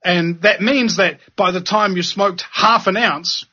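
A man's voice: sits high, a little slow, bright, forceful tone. A man hosting a talk show, delivering sarcastic and impassioned commentary. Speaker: podcast host. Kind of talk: ranting commentary. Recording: dull lo-fi audio.

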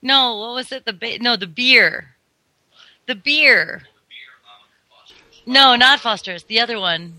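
A playful, giggly voice in a casual group chat, slow and very bright and sharp. The recording is dry and close. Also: mid-range voice, no room sound, rough recording.

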